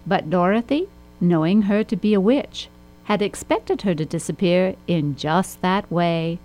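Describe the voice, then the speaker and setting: A woman narrating a children's storybook with a steady, expressive reading. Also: on the low side, unhurried, low-quality recording.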